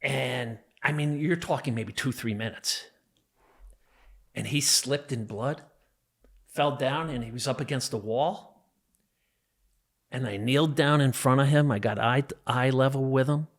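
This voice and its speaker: A man's voice: mid-range voice, measured pace, long pauses. Intense man from New Jersey telling his story. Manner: intense, emphatic, vivid retelling of a violent memory. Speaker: podcast guest. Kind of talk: personal storytelling in a podcast interview.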